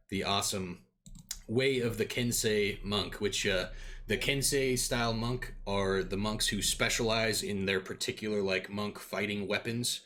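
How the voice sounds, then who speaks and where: A man's voice: on the low side, a bit bright. A young man running a tabletop game, chatting casually and upbeat with many fillers. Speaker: game master.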